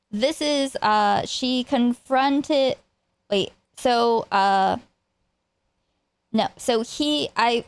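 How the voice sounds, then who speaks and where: A woman's voice: fairly high pitch, clear, resonant tone, dry recording. A woman streamer casually retelling online drama, rambling and restarting her sentences. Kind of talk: casual reaction commentary.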